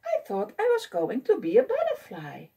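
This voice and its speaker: A woman's voice: medium pitch, wildly swooping pitch, moderate pace, creaky, slightly rough, lo-fi sound, heavily acted. A woman voicing an eager, curious young male pollywog who becomes a frog, in a picture-book reading.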